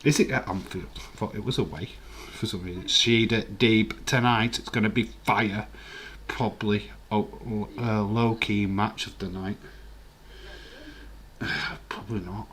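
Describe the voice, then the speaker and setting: A man's voice: on the low side, steady tone, a little slow, fairly bright tone, slight background noise. A man in his forties hosts a live watch-along stream. He chats casually, reads viewer comments aloud and rambles with filler words.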